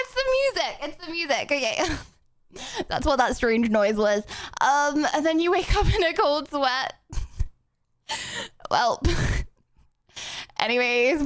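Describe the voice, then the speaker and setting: A woman's voice: sits high, no room sound. A young woman streaming live, chatting casually and giggling with her chat, a little out of breath.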